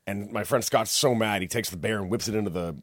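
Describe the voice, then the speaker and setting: A man's voice: fairly low pitch, fast talker, fairly bright tone, no echo, clean studio sound. A man in casual chat, telling a rambling, profane story and acting out what people said. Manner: rambling, profane, acts out quotes.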